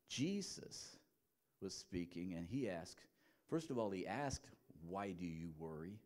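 A pastor preaches a sermon in a conversational way, often restarting his sentences. His voice sits at a middle pitch for a man, and he moves between quiet, reflective stretches and rising, emphatic passages.

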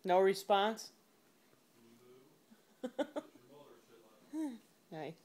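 A woman's voice: medium pitch, drawn-out words, a little mellow. A woman reading a picture book to her toddler at home, in a playful sing-song baby talk full of animal noises. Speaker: parent.

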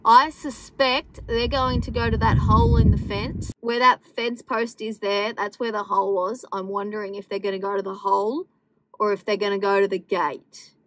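Outdoors on her farm, a young Australian woman vlogs in a chatty, wry way, sometimes calling out to the sheep in exasperation. Her mid-range voice stays level and fairly bright at a moderate pace. The audio is rough, with no room sound.

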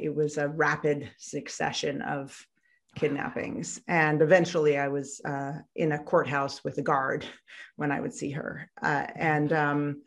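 A woman guest on an interview podcast, telling a painful childhood story in a halting, reflective way with many fillers and restarts. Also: low-pitched. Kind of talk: candid personal storytelling in an interview.

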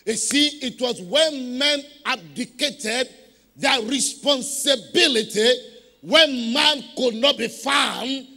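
High, bright-voiced preacher in a hall. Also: male voice, creaky. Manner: emphatic preaching with call-and-response to the congregation. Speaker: pastor. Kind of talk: sermon.

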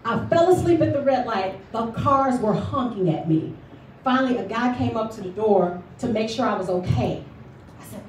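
A woman giving a lively motivational speech at a luncheon, telling her story and calling for responses from the audience. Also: on the high side, moderate pace, slight background noise. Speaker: motivational speaker. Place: event hall at a luncheon. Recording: echoey hall recorded from far off.

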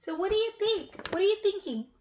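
Woman, children's read-aloud, gently questioning, high voice, muffled recording. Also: expressive, fairly quick, slight background noise. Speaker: teacher reading aloud.

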